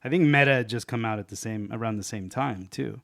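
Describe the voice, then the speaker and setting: A man's voice: fairly low pitch, fast talker, creaky, fairly bright tone, no echo, studio quality. A man hosting a podcast in casual chat, laid-back, swearing and laughing often. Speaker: podcast host.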